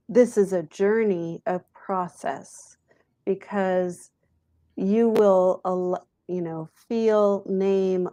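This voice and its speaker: A woman guest on a talk show, calmly and gently explaining how to handle feelings. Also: medium pitch, no echo, highs cut off. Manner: calm, gentle, instructive. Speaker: guest, author on emotional resilience. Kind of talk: podcast interview talk.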